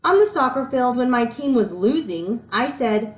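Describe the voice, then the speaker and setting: A woman teacher giving a lesson and reading a picture book aloud with lively expression and frequent fillers. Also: a little high, moderate pace, few pauses. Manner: animated storyteller who reads with many fillers. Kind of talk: classroom read-aloud and lesson. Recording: echoey room.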